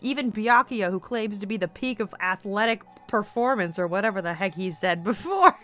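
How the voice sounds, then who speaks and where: A woman's voice: medium pitch, lively intonation, normal speed, a bit bright, soft background music. A young adult woman giving casual, emotional game commentary with laughing, swearing reactions. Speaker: let's play streamer.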